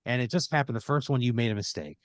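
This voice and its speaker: A man improvising a comedic story on a podcast, narrating in second person with deadpan, drawn-out phrasing. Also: medium pitch, no echo. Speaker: podcast host spinning a scenario.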